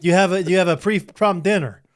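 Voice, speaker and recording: A man co-hosting a podcast, joking playfully in casual chat. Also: sits high. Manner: playful, jokey, quick to laugh. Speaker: podcast co-host.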